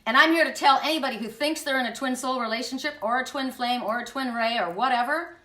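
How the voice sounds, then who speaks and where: Bright-voiced woman telling a candid story. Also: sits high, a little fast, echoey room, distant mic. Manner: emphatic, confiding, with frequent restarts and profanity. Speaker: spiritual channel host.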